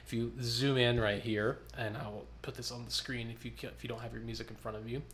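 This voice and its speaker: A man's voice: mid-range voice, level tone, quick pace, fairly bright tone. A man leading an online choir rehearsal, counting beats, speaking syllables aloud and singing lines for the singers to copy. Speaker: choir director.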